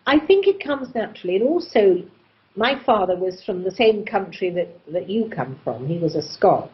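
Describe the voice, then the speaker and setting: A woman from England with an English accent, talking in an expressive, theatrical way. Her pitch sits in an ordinary middle range and moves freely. The recording is a little dull and muffled. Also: normal speed. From England, born in Oxford. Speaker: actress, festival guest. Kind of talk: conversational interview.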